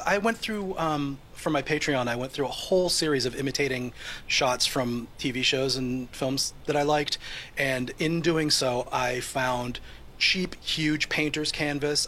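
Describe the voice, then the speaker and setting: A man's voice: mid-range voice, bright, forceful tone, a little hiss or hum. A man speaking as a guest in a casual panel chat, rambling and thinking aloud with lots of fillers.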